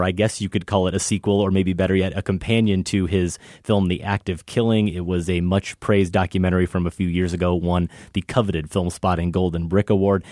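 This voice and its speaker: A man's voice: low voice, a little mellow, no room sound, studio quality. A man hosting a film podcast in a playful, teasing chat with his co-host. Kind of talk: casual chat.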